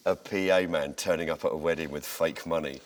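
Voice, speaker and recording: A man being interviewed as a comedian, telling jokes and stories in an animated way, restarting his sentences as he goes. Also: extremely low pitch, fast talker. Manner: animated, tangents and restarts while retelling jokes. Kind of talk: conversational interview storytelling.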